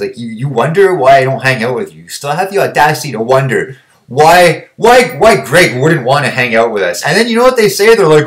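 A man's voice: medium pitch, big pitch swings, a little fast. A young man vlogging, ranting bluntly and combatively, swearing constantly. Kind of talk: profane ranting monologue.

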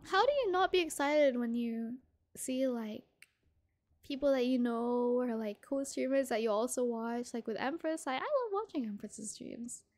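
Bubbly high-voiced young woman streamer. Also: lively intonation, moderate pace, a little mellow. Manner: bubbly, giggly, greets chat by name. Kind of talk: casual game-stream chat. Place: small room with thin walls, indoors.

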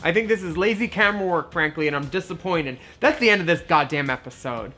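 A man's voice: on the high side, lively intonation, fast, bright, forceful tone, soft background music. Crude, mocking man in his forties. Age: 40s. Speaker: comedy show host. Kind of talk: raunchy comedic video commentary.

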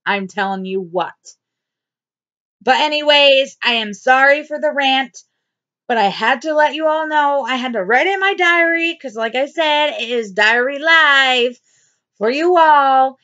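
A woman's voice: high-pitched, measured pace, pushed and bright, highs cut off. A woman vlogger talking straight to camera in a blunt, repetitive diary-style video. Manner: blunt, swearing, repeats herself. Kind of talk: angry diary vlog rant.

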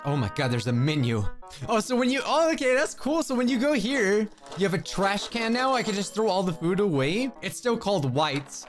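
A gaming video creator with a high-pitched voice narrates his let's play in a lively, swooping way. Excitable and jokey, he tosses out exclamations as he plays.

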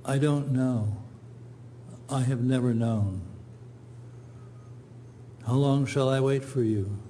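Brief: male poet at a reading, low-key dark tone, flat measured delivery. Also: a little hiss or hum. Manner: slow, measured, even recitation. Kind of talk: poetry reading.

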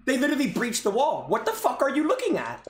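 A man's voice: very high-pitched, huge pitch swings, fast, noisy background. A young man streaming and coaching viewers' game clips, brash and profane, often repeating himself in exasperated outbursts. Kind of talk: live-stream game commentary. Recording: roomy echo with loud music behind.

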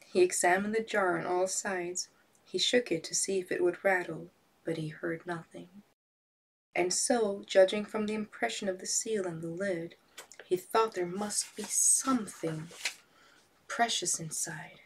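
A woman narrating a storybook tale in a soft voice that often sinks to a whisper. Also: fairly low pitch, steady tone, a little slow, breathy edge.

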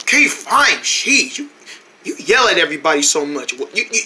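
A channel host playing several characters in a silly kids' skit, switching between goofy voices and bursting into shouts and squeals. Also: medium pitch, big pitch swings, fast talker, slight background noise.

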